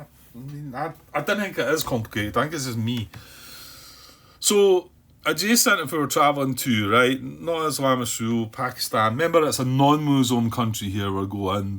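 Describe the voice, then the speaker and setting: A man talks through a solo board game, reasoning aloud in a hesitant, self-questioning way. He repeats words as he goes and tells himself to calm down by name. His voice sits at an ordinary, middle pitch. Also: moderate pace. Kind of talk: thinking-aloud playthrough commentary.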